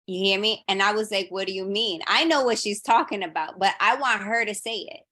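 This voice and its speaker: A woman in her thirties shares a story in a relaxed podcast chat, her voice bright and forward. She slips into the people she quotes, making them come alive as she goes. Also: medium pitch, fairly quick. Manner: animated storyteller, acting out quotes. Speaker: audience member sharing a story. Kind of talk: casual chat.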